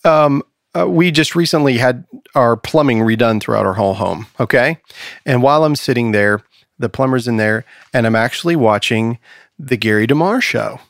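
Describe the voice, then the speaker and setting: Animated laughing male host. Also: mid-range voice, moderate pace, vocal fry, no echo, clean studio sound. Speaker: podcast host. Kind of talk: casual conversation. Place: studio.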